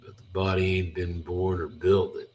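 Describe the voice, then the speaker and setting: A man doing a drawling deep sniper. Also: flat delivery, moderate pace, a little mellow, a little hiss or hum, natural voice. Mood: menacing. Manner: drawling, folksy menace. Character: cold male mercenary sniper. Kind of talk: comic read-through acting.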